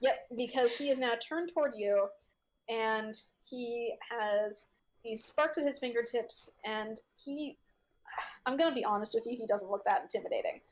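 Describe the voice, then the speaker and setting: A woman narrating as game master of a tabletop game. She talks haltingly, with many fillers and frequent laughs. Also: a little high.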